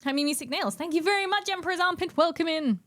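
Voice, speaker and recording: High-pitched girl streaming from home, giggly, chatty, coos at her cat. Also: fast, fairly bright tone. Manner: chatty, giggly, greets chat by name, coos baby talk to her cat. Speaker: live streamer. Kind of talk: casual chat with stream viewers.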